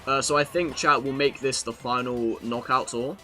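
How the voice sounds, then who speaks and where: A man's voice: medium pitch, fairly even intonation, normal speed, bright, forceful tone, soft background music. A young British man live-streaming a racing game, chatting casually to his viewers and swearing freely as he plays. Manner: chatty, swears freely, talks to chat while playing.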